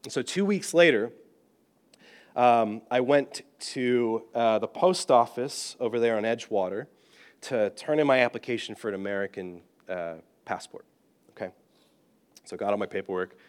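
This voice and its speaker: A British-born man, a pastor, telling a personal story in an animated, self-deprecating and humorous way. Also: mid-range voice, normal speed, clear, resonant tone. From Britain. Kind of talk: storytelling sermon.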